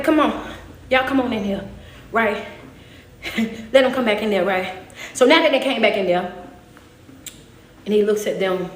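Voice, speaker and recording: A woman motivational speaker preaching in an animated, emotional way and laughing often. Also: mid-range voice, echoey room, a little hiss or hum.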